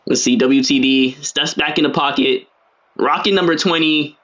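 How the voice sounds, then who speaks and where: A man's voice: fairly high pitch, normal speed, fairly bright tone. A young man giving casual, joking play-by-play commentary on a livestreamed game, full of slangy asides and rambling.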